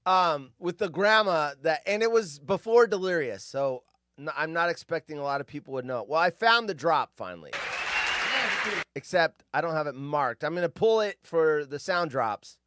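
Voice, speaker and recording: A man's voice: a little high, expressive, moderate pace, fairly bright tone, smooth, some chatter behind. A man in his fifties from California, hosting a show and telling rambling, nostalgic stories full of tangents. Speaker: show host. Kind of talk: casual rambling monologue.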